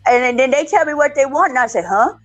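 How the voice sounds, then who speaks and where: A woman with a Texan Southern accent, chatting casually as a podcast guest, salty and quick to laugh. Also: high voice, lo-fi sound. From Texas. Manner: salty, laughing, loose storyteller. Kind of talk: casual chat.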